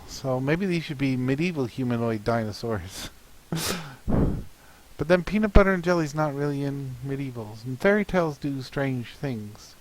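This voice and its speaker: A man's voice: mid-range voice, expressive, low-quality recording. A man, a comic artist, thinking aloud in a hesitant, musing way while planning a comic. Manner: hesitant and musing, with many pauses and fillers.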